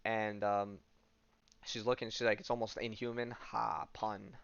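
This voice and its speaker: A podcast host retelling a comic story casually, with lots of fillers and offhand asides. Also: male voice, on the low side, level tone, measured pace, vocal fry, a bit bright, clear, resonant tone, lo-fi sound.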